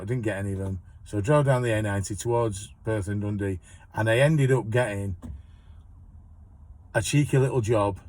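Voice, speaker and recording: His voice is on the low side and a little mellow. He's a van courier spinning a long, rambling yarn about work as a casual monologue, often starting sentences over.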